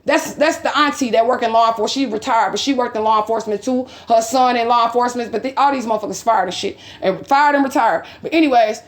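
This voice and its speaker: A woman with a high, bright voice tells a personal grievance to her viewers in a fired-up, cursing way. She keeps quoting both sides of an argument and circles back to the same points. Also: fast. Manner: profane, heated, retells quarrel with quotes. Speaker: vlogger. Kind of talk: angry personal storytelling.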